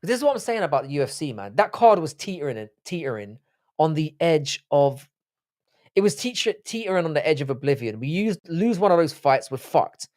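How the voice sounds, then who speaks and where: A young man hosts a casual livestream, ranting and cursing in a riled-up way. His voice sits a touch higher than most men's. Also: sing-song, fairly quick, darkish tone. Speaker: livestream host. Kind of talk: live-stream chat reading comments.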